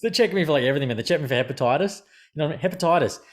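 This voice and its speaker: A man hosting a podcast, telling a story in casual chat, swearing and animated. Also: on the high side, racing. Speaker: podcast host.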